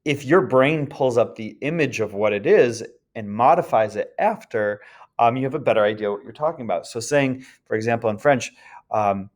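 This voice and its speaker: A man talks his students through a grammar topic in a recorded lesson, at an easy, unhurried pace. His delivery is relaxed and casual, dotted with ums, and he pauses now and then to check that they follow. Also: medium pitch. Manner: relaxed, frequent ums, chants the word list rhythmically. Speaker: French teacher.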